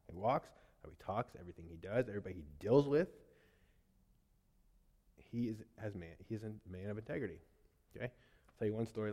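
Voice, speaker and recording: A man in his thirties giving a testimony in a sermon, telling a story with animated swings between loud and soft, then reciting a poem. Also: on the low side. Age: 30s. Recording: long hall reverb.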